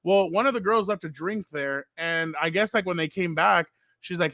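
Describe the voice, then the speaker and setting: Podcast co-host, man, high-pitched, animated storyteller, dry close mic. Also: brisk, dry recording. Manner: animated storyteller, acts out quotes. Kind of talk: casual chat.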